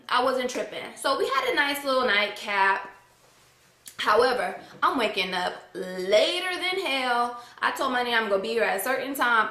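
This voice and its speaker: A young woman with a bright, high voice tells her own story in a casual, dramatic way, cursing freely. Her voice rings in an echoey room. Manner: animated, dramatic, swears freely.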